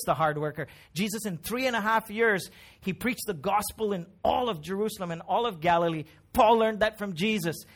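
High-voiced preacher. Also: male voice. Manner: conversational, emphatic preaching with frequent tag questions. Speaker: pastor. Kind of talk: sermon.

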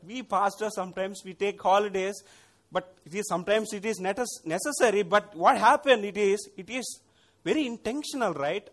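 Earnest high-voiced male preacher. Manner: earnest, emphatic preaching with pleading prayer passages. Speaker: pastor. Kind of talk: sermon.

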